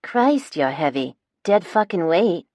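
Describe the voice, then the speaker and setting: A woman's voice: on the low side, very animated, slow pace, darkish tone, dry recording, heavily acted. Woman voicing a brash, impatient young rescuer. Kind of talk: audiobook character voice.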